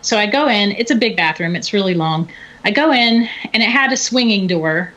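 A middle-aged woman telling a story in casual chat, animated and often laughing. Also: mid-range voice, moderate pace. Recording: dull lo-fi recording.

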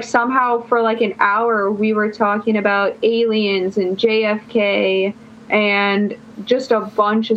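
A young woman guest on a podcast telling a long personal story in casual chat, rambling and filling her phrases with "like". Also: mid-range voice. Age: young adult. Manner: rambling, fills every phrase with "like". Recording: dull lo-fi sound.

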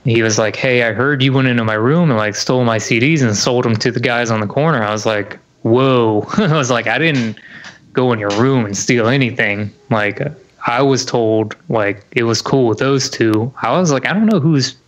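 A man's voice: medium pitch, moderate pace. A young man telling a story in casual chat, full of fillers and swearing. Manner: swears a lot, lots of "like" and "you know".

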